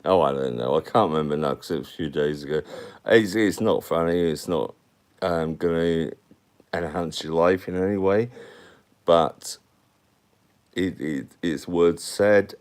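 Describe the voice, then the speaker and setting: A man chatting casually and rambling to viewers on a live stream. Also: very deep voice. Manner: rambling, chatty, talks to the chat.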